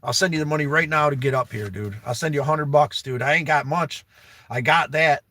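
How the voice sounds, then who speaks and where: A man's voice: fairly high pitch, fairly quick, bright, forceful tone, no echo. A young man hosting a livestream, earnestly pleading with a viewer he calls brother to come stay at his home. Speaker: livestream host. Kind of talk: emotional heartfelt live-stream talk.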